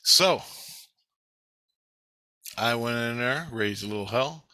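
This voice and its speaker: A man's voice: medium pitch, animated, slow pace, bright, forceful tone, no room sound. A man telling a rambling, agitated story in a casual spoken monologue, full of swearing. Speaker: vlogger.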